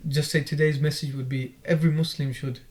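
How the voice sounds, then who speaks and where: A man's voice: fairly high pitch, level tone, fairly quick, darkish tone. A man hosting a podcast in casual chat, reflective and thoughtful. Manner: reflective, answers with short religious interjections.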